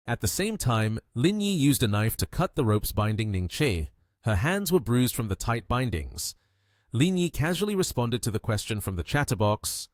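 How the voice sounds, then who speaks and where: A man narrating a story recap with steady, expressive storytelling. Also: fairly low pitch, moderate pace, no echo, studio quality.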